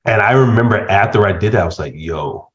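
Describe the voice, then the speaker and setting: A middle-aged man chatting casually as a podcast guest, telling stories with laughter and lively voice swings. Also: fairly low pitch, a little fast. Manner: animated storyteller, laughs while telling stories. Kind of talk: casual chat. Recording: dull lo-fi sound.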